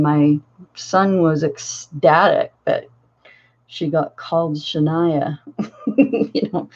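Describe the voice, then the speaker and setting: A woman's voice: fairly low pitch, darkish tone, highs cut off. An older woman, a grandmother and crafting channel host, telling a family story in a casual, rambling way full of fillers and restarts.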